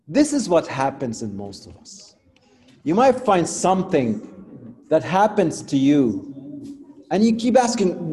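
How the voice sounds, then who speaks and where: Animated male preacher in a reverberant hall. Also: fairly high pitch, a little hiss or hum. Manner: animated, swings from loud to soft, non-native phrasing. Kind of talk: sermon storytelling.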